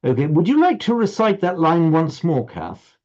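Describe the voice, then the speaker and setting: A man teaching a recitation class over a video call, explaining patiently with frequent halting restarts. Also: on the high side, very animated, darkish tone, highs cut off. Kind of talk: online class instruction.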